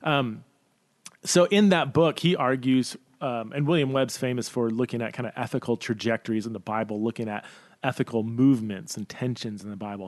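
A podcast host with a medium-pitched, darkish voice talks through a casual Q&A with no room sound. He thinks aloud, using lots of fillers and restarts and stumbling over his words.

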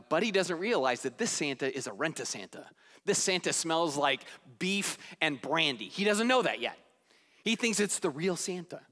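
A male pastor delivers a lively sermon in a high voice, joking and acting out voices with sudden leaps in pitch. His words ring with the long reverb of a large hall. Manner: animated, jokey, acts out quotes with big pitch jumps.

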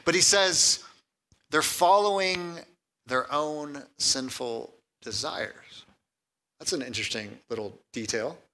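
A man preaching a sermon with a bright, ringing voice pitched a touch high. He talks casually and with animation, repeating his words as he goes and dropping in light humor. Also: slow pace. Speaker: pastor.

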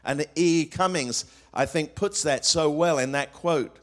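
A man's voice: a little high, measured pace, fairly bright tone. A man preaching a sermon to a congregation, asking rhetorical questions and weaving in quotes, with frequent fillers and restarts. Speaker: pastor.

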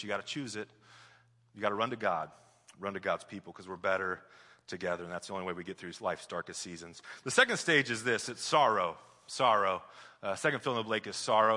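Man, pastor sermon, very bright tense voice, long hall reverb, animated then hushed. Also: lowish voice. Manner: animated storyteller, builds up loudly then drops soft.

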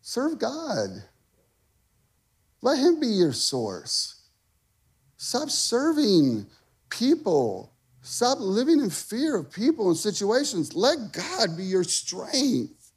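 Male pastor with a higher voice: energetic, emphatic sermon delivery, conversational asides. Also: slow pace, pauses often, slightly rough. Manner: energetic, emphatic, repeats phrases for punch.

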